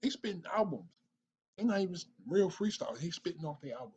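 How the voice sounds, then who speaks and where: A man hosting a reaction video, talking excitedly, stammering and repeating himself. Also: sits high, quick pace. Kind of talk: casual reaction commentary.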